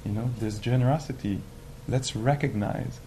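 A man giving a conversational dharma talk as a meditation teacher, animated and full of "you know" fillers. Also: mid-range voice, moderate pace, a little hiss or hum, rough recording. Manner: animated, acts out quoted inner voices.

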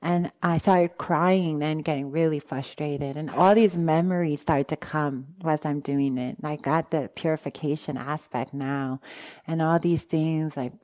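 A woman meditation teacher gives a dharma talk in a slightly low voice. She tells a personal story in a lively way, acts out what she was thinking back then, and keeps turning to the listeners with quick asides.

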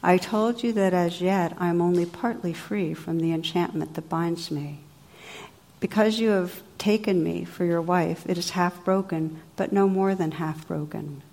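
Gentle enchanted lady from an old tale, slow sweet voice, lowish, a woman reading her lines. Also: creaky, in a large hall. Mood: earnest.

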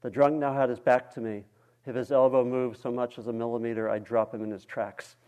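A male meditation teacher reading a story aloud during a dharma talk, in a calm, measured way. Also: medium pitch, lo-fi sound.

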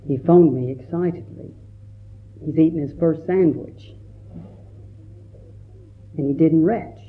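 A man, a Buddhist monk, giving a gentle, reflective dharma talk and telling stories with quoted voices. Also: on the high side, takes it slowly. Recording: tinny phone-like recording.

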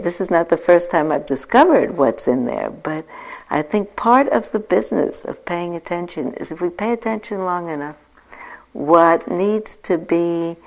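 An older woman in her sixties speaks in a low voice with a gravelly edge. She gives a reflective dharma talk as a meditation teacher and pokes gentle fun at herself along the way. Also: low-quality recording. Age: 60s. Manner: reflective, gently self-mocking storytelling.

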